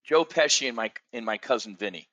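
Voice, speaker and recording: A middle-aged man with a bright, forceful voice hosts a live market show. He talks bluntly and emphatically, swears freely, and answers viewers by name. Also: medium pitch, lively intonation, brisk. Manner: addresses viewers directly by name. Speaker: trading show host.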